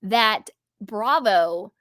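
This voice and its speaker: A woman's voice: medium pitch, animated, very slow, a bit bright, dry recording, studio quality. A young woman hosting casual reality TV commentary, sassy and emphatic, repeating her points for effect. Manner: emphatic, repetitive, sassy and chatty. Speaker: host.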